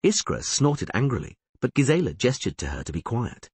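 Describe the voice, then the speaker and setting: A man narrating a fantasy audiobook in an expressive, varied style. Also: medium pitch, a little fast, breathy edge, dry recording. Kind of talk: scripted narration.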